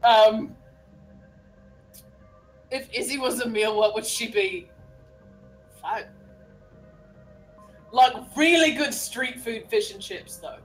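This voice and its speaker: A woman chatting casually out of character during a tabletop game, laughing a lot, swearing freely and filling pauses with ums, a bit tipsy from beer. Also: on the high side, soft background music, low-quality recording.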